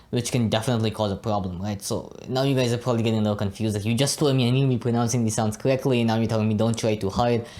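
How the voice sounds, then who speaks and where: Man, young adult, fairly low voice, relaxed teaching tone, lots of "you know". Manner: relaxed, frequently adds "right?" and "you know". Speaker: Arabic pronunciation teacher. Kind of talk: casual teaching monologue.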